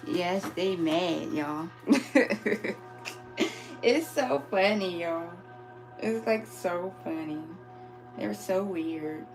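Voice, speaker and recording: A woman with a fairly low voice and lively intonation speaks extremely slowly, pausing often. She's a spiritual reader hosting a live stream, casual and affectionate, chatting with viewers she calls "my babies" and "y'all." The audio has a phone-camera quality with faint music underneath.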